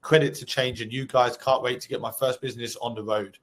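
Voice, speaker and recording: A man's voice: mid-range voice, steady tone, brisk, a bit bright. A man co-hosting a live webinar, reading out viewer questions and answering them in a hyped, sweary, motivational way. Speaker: co-host.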